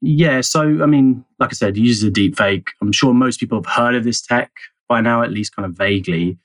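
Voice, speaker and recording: Mid-range in pitch and fairly quick, a man talks as a journalist guest, giving lengthy conversational interview answers full of hedges, fillers, and restarts. There's no room sound, and the recording is rough.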